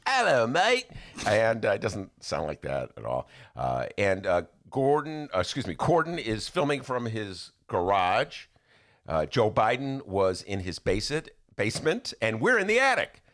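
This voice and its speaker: A man's voice: fairly low pitch, normal speed. A man hosting a casual studio podcast, his voice swinging widely up and down as he jokes. He keeps slipping into impressions. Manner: animated, jokey, slips into impressions. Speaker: podcast host. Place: radio studio.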